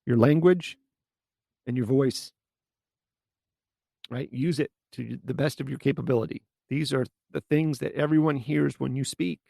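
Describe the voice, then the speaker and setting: A man hosts a solo coaching podcast and speaks in a blunt, casual way. His voice is deeply gravelly and husky. The recording is dry and close. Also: measured pace, pauses often, dark tone, no room sound. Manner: blunt, casual, mild swearing. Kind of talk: solo podcast advice talk.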